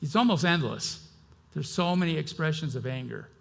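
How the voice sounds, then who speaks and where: A middle-aged man preaching a sermon as pastor, conversational and impassioned, swinging between loud outbursts and quiet asides. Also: fairly high pitch, animated, moderate pace, vocal fry.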